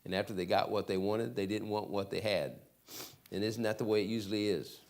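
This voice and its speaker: Deep-voiced man teaching Bible class. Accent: Michigan American. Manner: reads verses slowly and loudly, chats asides. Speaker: Sunday school teacher. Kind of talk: Bible lesson reading scripture aloud. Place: church classroom.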